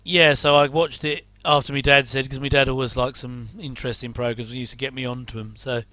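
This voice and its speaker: Chatty English man, bright crisp voice. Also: mid-range voice, level tone, brisk, no echo. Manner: rambling, chatty, self-deprecating asides. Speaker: host. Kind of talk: casual reaction commentary.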